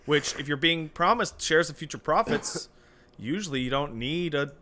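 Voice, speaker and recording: Bright-voiced man, animated podcast co-host. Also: on the high side, moderate pace. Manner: animated, swears, rises to loud peaks. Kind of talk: casual chat.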